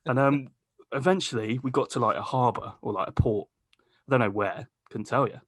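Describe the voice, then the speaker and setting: A podcast host with a medium-pitched voice tells a long, rambling story at a moderate pace in casual chat, recorded with clean, dry studio sound. He swears freely and laughs mid-sentence.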